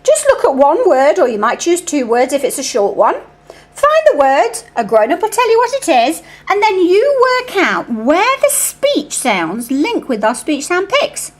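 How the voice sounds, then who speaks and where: High, lively woman sounding out phonics. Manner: slow, sing-song sounding out of speech sounds; coaxing, talks to a puppet helper. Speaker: reading teacher. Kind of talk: phonics lesson for young children.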